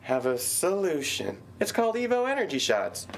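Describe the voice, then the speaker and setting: A man putting on the voice of a gentle, soft-spoken children's TV host, pitching a product in a mock commercial with slow, sweet, overly friendly talk. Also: wildly swooping pitch, noisy background. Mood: sweetly selling. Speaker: host doing an impression. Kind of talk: comedic impression in a mock commercial.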